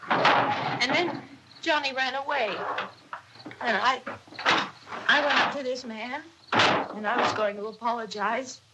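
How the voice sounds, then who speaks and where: A woman playing a dazed, frightened young woman who speaks in halting, broken phrases. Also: on the high side, fairly even intonation, heavy background noise. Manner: halting, faltering speech. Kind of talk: dramatic reading.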